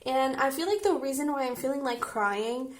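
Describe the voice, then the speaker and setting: A woman's voice: high-pitched, expressive, moderate pace, slight background noise. A young woman reading tarot cards in a casual, chatty, emotional way, often checking in with her listeners. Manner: chatty and emotional, frequent "I feel like" and "okay?". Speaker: tarot reader.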